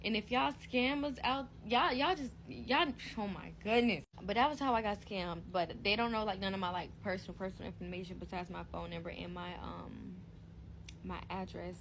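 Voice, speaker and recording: A woman's voice: mid-range voice, normal speed, gravelly, a little hiss or hum. A young woman telling a casual storytime vlog, full of fillers and acting out both sides of a conversation. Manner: animated retelling, heavy fillers, acts out both sides. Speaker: vlogger.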